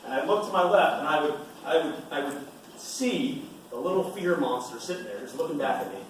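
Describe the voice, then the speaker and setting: A man gives a motivational talk, hammering his points home by repeating them. His voice sits a little high for a man and comes from well back in a very echoey hall, with a faint hiss underneath. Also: animated, a little fast, recorded from a distance. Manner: emphatic, repeats key points. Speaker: retired Navy SEAL speaking to students.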